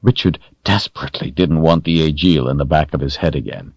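Man reading a fantasy book slow and dramatic, really deep voice, dry sound. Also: darkish tone, dry recording, lo-fi sound. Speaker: audiobook narrator. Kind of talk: scripted fantasy narration.

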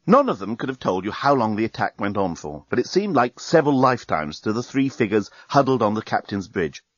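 A man narrating a story aloud in an expressive, lively reading. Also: on the low side, fairly quick, dry recording. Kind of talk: audiobook narration. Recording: dry, slightly muffled.

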